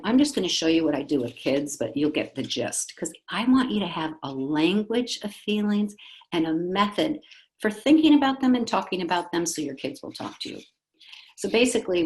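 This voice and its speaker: Chatty, upbeat woman speech pathologist presenting. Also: on the low side. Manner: upbeat, chatty, animated with acted-out quotes. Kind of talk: conference presentation. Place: school district virtual conference.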